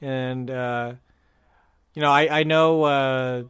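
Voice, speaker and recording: A man from California talks in a loose, rambling podcast chat, full of ums and restarts. His voice sits at an ordinary middle pitch. The sound is dry and close, with no room around it. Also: fairly even intonation, slow, fairly bright tone, clean tone, no echo. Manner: chatty, rambling with fillers and restarts. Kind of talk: casual chat.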